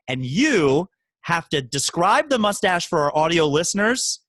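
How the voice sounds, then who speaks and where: A man's voice: fairly high pitch, fairly bright tone, dry recording. A man hosting a podcast, chatting casually and joking with his guest. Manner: playful, joking, quick. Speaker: podcast host.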